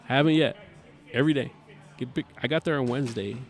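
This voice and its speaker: With soft music playing behind him, a fast-talking man with a mid-range voice guests on a talk show podcast. The cornhole player chats casually and with energy, voicing bits of dialogue as his story unfolds.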